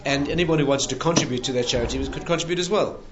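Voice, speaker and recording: A man's voice: a little high, very fast, muffled recording, a little hiss or hum. A rabbi telling stories in a conversational lecture, laughing at his own punchlines. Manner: animated anecdotes, laughing at punchlines. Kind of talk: conversational storytelling talk.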